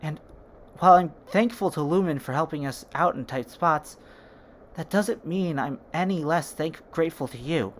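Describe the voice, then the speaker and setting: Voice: mid-range voice, normal speed, slight background noise, lightly acted. A fan storyteller voicing an earnest, caring teenage boy who speaks with impassioned reassurance. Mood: gentle.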